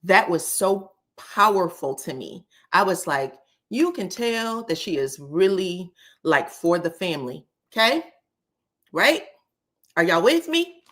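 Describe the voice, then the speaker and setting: A woman chats through a live stream in a slightly low voice. She is animated and talkative, turning often to speak to her viewers in the chat. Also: slow. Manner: animated, chatty, addresses the chat directly. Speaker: livestream commentator. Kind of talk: casual live-stream commentary.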